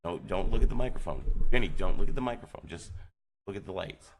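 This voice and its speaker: A man's voice: sits low, expressive, fast talker, noisy background. A man hosting a live radio show from a small studio, bossily coaching his co-host with mounting exasperation. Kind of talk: live talk radio banter.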